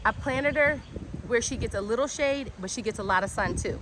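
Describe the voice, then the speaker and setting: Chatty hyped woman walking thru her backyard garden, kinda high voice, birds and cars going by outside. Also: fairly quick. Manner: excitable, chatty, easily distracted. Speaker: home gardener and channel host. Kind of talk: casual walk-and-talk garden tour. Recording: outdoor noise with birds and passing traffic.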